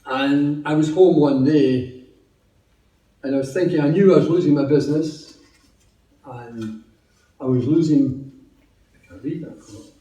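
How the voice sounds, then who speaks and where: A Scottish man shares his testimony with a meeting, chatty and quick to joke. His voice sits a little high but sounds mellow and relaxed. He is heard from some distance in an echoey room. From Scotland. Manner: chatty, humorous storytelling. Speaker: testimony speaker.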